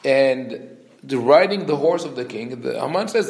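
Animated male teacher in a roomy space. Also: medium pitch, a little slow, gravelly. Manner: animated, acts out quoted speech; frequent restarts and self-corrections. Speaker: religious teacher. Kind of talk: explanatory teaching talk. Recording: roomy echo.

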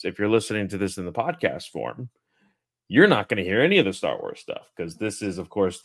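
Rambling male podcast host. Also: low voice. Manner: rambling, lots of "um" and "uh". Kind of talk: casual podcast chat.

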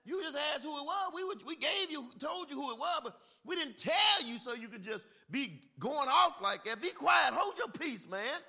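An exasperated crowd of men shouting at someone to hush, as a preacher puts them on. The voice rides high and loud, snapping each rebuke with rising impatience, a thin bright edge cutting through. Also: male voice, animated, moderate pace, gravelly, hardly any pauses, heavily acted. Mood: scolding, exasperated. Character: irritated men in a crowd hushing a loud beggar.

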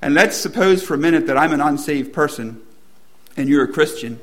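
A man's voice: fairly high pitch, a little fast, a bit bright. A man preaching a sermon to a room, asking the congregation questions and building to emphatic repetition.

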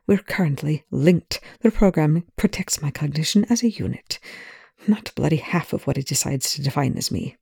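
Reader voicing a dry irritable scientist, clipped, soft, gravelly, mellow tone. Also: medium pitch, dry recording. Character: dry, sardonic male scientist, irritable but amused. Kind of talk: fan fiction reading.

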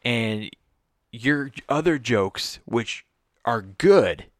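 A man's voice: medium pitch, lively intonation, drawn-out words, no echo, studio quality. A man in a casual chat, giving blunt advice on hosting comedy shows and swearing freely.

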